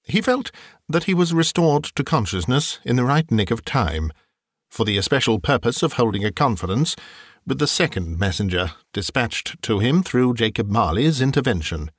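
A man narrating a classic novel in an expressive, measured storytelling style. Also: mid-range voice, no room sound, clean studio sound. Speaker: audiobook narrator.

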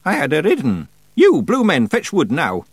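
A man's voice: a little high, huge pitch swings, moderate pace, no room sound, voice pushed up, full character voice. Man voicing a stern ancient witch. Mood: commanding. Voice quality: raised, crisp, imperious. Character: very old stern female witch.

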